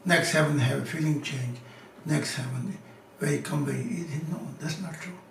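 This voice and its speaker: A man answering audience questions as a spiritual teacher, speaking slow, insistent, broken English. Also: fairly high pitch, creaky, fairly bright tone, a little hiss or hum. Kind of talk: live question-and-answer talk. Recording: echoey room, mic at a distance.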